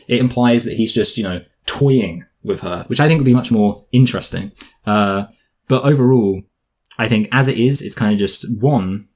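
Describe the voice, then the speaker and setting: A man with a husky, lowish voice talks fast through a casual film review. He rambles and restarts often, with a jokey tone. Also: darkish tone. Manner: rambling, self-correcting, jokey. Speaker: podcast co-host, film reviewer.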